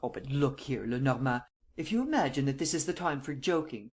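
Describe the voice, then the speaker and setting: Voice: mid-range voice, animated, darkish tone, close to an everyday voice. A reader voicing a blustering, impatient French premier. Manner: blustering, quick to exclaim.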